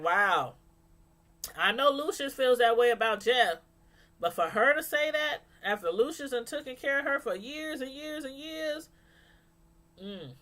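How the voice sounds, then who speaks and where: A woman's voice: fairly high pitch, fairly bright tone. A woman chatting casually with live viewers as she reviews a TV episode, laughing often and answering the chat. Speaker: show reviewer on a live stream.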